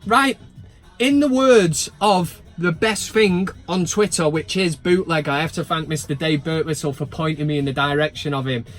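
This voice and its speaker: A man's voice: a little high, normal speed, soft background music. A man chatting casually to camera about his football club from inside a van, full of jokey, sweary banter and mock outrage. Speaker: football fan vlogger.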